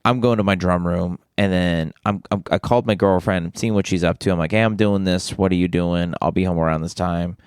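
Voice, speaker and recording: A man's voice: low voice, fairly even intonation, fairly quick, hardly any pauses, smooth, no room sound, clean studio sound. Man, podcast co-host, casual storytelling, rambling with restarts. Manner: rambling, many restarts and fillers.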